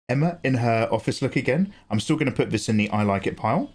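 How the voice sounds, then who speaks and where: English male streamer, chatty and loose, pitch bouncing all over; casual host talk. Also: fast talker, few pauses. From England. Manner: chatty, animated, swears and laughs easily. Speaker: livestream host. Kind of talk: casual livestream chat.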